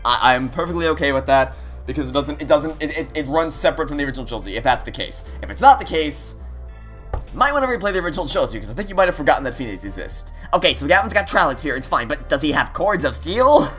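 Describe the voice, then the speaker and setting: A man commentating a let's play, frantic and incredulous, stammering and cursing in loud outbursts. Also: on the high side, very animated, fast. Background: game music.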